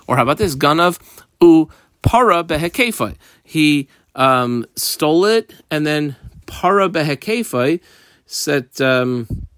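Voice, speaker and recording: A man giving a daily Talmud lesson, explaining the page casually with everyday examples and frequent pauses. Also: a little high, a bit bright, dry recording, studio quality. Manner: halting, with frequent ums and restarts. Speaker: Talmud teacher.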